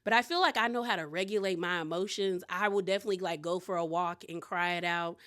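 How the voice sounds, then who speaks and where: A woman's voice: fairly low pitch, fast, fairly bright tone. A woman from the Southern US with a Southern accent, recapping a reality TV episode in a chatty way and acting out quotes with voices. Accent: Southern American. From Southern United States.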